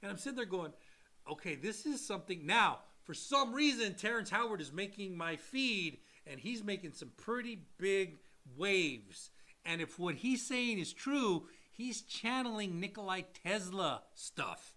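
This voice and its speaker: A man co-hosting a casual podcast, talking in an animated way, acting out quotes in voices and laughing often. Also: sits high, measured pace. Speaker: podcast co-host. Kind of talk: casual chat.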